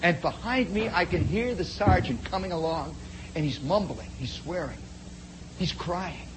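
A man telling a long first-person story in a dramatic, animated way, jumping from loud bursts to hushed asides and speaking straight to his listeners. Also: a little high, measured pace, noisy background. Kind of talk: spoken storytelling monologue.

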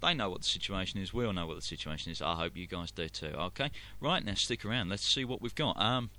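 A man's voice: sits low, animated, fast, sharp tone, a little hiss or hum. A man with a London accent hosting a live internet radio show, rambling through announcements with many fillers and restarts. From London, England. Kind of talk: casual live radio chat.

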